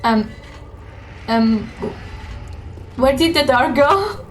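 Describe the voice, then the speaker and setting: Woman streaming a game, talks real slow and chatty with lots of uh and like, faint noise behind. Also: sits high, expressive. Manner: chatty, unhurried, with many fillers and little laughs. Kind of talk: gaming stream commentary.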